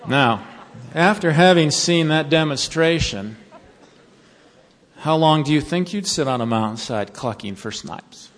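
A man giving a sermon to college students, telling a folksy story and then slowing to earnest counsel. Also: fairly high pitch, animated. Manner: storytelling, turning slow and earnest. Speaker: devotional speaker to college students. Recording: long reverb of a large hall.

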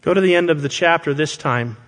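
A man preaching a sermon to his congregation, speaking deliberately and with emphasis and asking rhetorical questions. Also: fairly high pitch, a bit bright. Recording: long hall reverb.

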